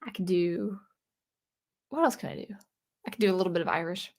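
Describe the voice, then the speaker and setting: A woman's voice: on the low side, fairly quick. A woman hosting a casual livestream for a music channel, reading viewer comments and rambling with frequent restarts.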